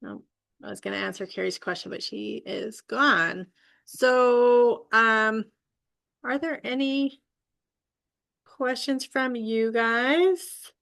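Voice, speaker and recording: A woman's voice: on the high side, slow, creaky, a bit bright. A woman hosting a casual business opportunity call over video, chatty, laughing easily and tripping over her words.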